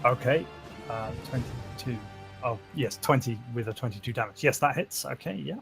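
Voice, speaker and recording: Man, dungeon master, mid-pitched, easygoing, filler-heavy narration, faint music behind. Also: normal speed, creaky. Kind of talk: narrating a tabletop game.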